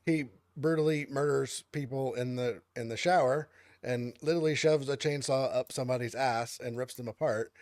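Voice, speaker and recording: A man's voice: medium pitch, moderate pace, darkish tone. A man in a casual film review chat, chiming in with casual comments. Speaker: podcast panelist.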